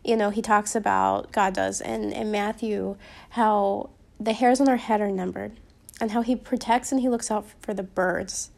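A woman's voice: medium pitch, steady tone, normal speed, gravelly. A young woman hosting a casual Christian podcast, with a slight Upper Midwestern accent, chatty and rambling with many ums and restarts. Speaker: podcast host.

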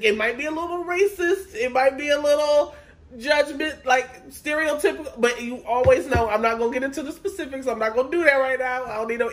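A man co-hosting a podcast in relaxed casual chat, laughing easily. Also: extremely high pitch. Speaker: podcast co-host.

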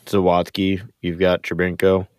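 A man's voice: deep voice, completely flat delivery, normal speed, darkish tone, clear, resonant tone, no room sound, studio quality. A man co-hosting a soccer podcast, laid-back in casual chat. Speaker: podcast co-host.

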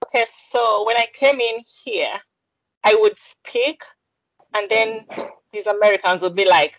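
A woman's voice: medium pitch, measured pace, dry recording, low-quality recording. A woman from Uganda chatting casually on a podcast, telling a story and acting out what people said. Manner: animated storytelling, acts out quotes. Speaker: podcast co-host. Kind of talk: casual chat.

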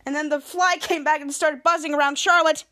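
A woman's voice: high-pitched, pushed and bright. A woman hosting a podcast, chattily recapping a TV episode in a rambling, self-correcting way. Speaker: podcast host.

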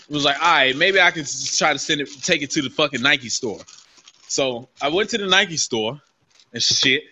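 A man's voice: fairly high pitch, dry recording. A man co-hosting a podcast, telling a long, heavily profane rant in casual chat and acting out what people said to him. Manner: animated, swears constantly, acts out his own quotes. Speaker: podcast co-host.

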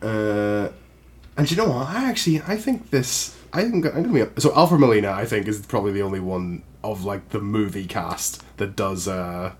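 Low-voiced man ranting casually. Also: animated, moderate pace, husky. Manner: rambling and blunt, peppered with filler words and swearing. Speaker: podcast co-host. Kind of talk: casual chat about games and films.

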